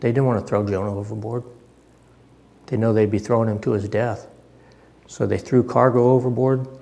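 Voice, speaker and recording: A man's voice: fairly low pitch, fairly even intonation, moderate pace, vocal fry, mellow. A man preaching a sermon, reading scripture aloud and talking conversationally, repeating phrases for emphasis.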